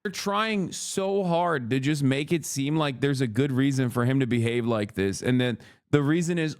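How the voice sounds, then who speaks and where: A man's voice: medium pitch, normal speed. A man in his thirties streaming reaction commentary, mocking and sarcastic, often exasperated and profane.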